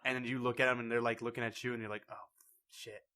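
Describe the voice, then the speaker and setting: A young man co-hosting a podcast in casual chat, animated and acting out quoted voices as he tells stories. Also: medium pitch, quick pace, smooth. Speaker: podcast co-host.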